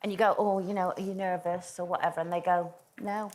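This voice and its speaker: A woman's voice: fairly low pitch, little pitch movement, fast talker, heavy background noise. A woman panelist on a talk show, joking in a self-deprecating way. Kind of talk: casual chat.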